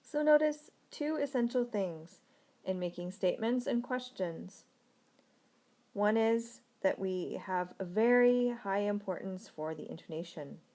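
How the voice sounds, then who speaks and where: A woman teaching a recorded language lesson, speaking clearly and slowing down to model example sentences. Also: medium pitch, dark tone.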